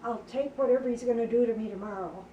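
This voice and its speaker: A woman's voice: on the high side, fast talker, highs cut off. An older woman telling a family story in casual talk, often asking her listeners if they can believe it. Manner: chatty narrator who keeps checking in with listeners. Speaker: sibling sharing family memories. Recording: roomy, distant mic, faint background noise.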